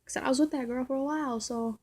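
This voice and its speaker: Young woman vlogger, husky and breathy, rambling and reflective, restarting her sentences often. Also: sits high, fairly even intonation, fast talker, warm tone. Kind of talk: personal confessional vlog.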